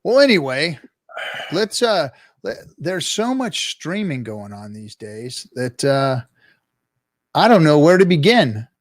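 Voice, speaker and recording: A man hosting a casual live-stream chat show, talking in a rambling, halting way with many restarts. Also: fairly high pitch, very animated, no echo, studio quality. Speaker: podcast host.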